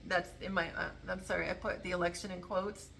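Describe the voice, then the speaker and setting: A woman's voice: on the low side, level tone, fairly quick, creaky, a bit bright, a little hiss or hum. A woman talking casually to camera about politics, rambling and correcting herself as she goes. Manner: rambling, self-interrupting, earnest. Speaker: political commentary vlogger.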